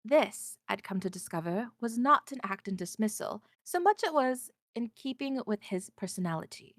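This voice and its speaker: Lively woman narrating a visual novel. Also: mid-range voice, normal speed, no echo, studio quality. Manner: lively, wondering first-person narration. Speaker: narrator and heroine.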